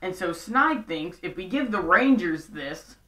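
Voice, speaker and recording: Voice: medium pitch, expressive, measured pace, bright, forceful tone. A casual show recap vlogger, chatty and throwing in sarcastic asides. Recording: roomy echo, distant from mic.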